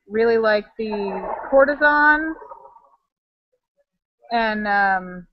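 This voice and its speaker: A woman's voice: a little high, lively intonation, very slow, no echo, highs cut off. A woman co-hosting a casual video-call chat at home, rambling with fillers. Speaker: livecast co-host. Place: home with dogs barking. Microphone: webcam video call.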